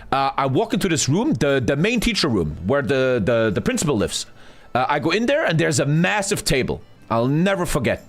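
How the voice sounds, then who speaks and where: A man tells a story on a live gaming stream. His voice sits fairly high and swoops up and down as he talks. He swears casually and acts out what others said, with faint game music underneath. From Germany. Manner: animated, profane, retelling with acted-out quotes.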